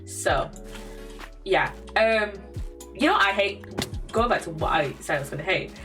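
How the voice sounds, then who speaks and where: A woman's voice: mid-range voice, expressive, normal speed, fairly bright tone, soft background music. A young woman from England with an English accent, chatting casually on a live stream, rambling with many fillers, repeats, laughs and swearing.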